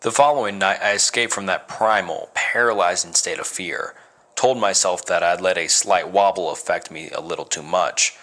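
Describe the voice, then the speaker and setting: A man reading a first-person horror story as narrator, measured and dramatic. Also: deep voice, pushed and bright.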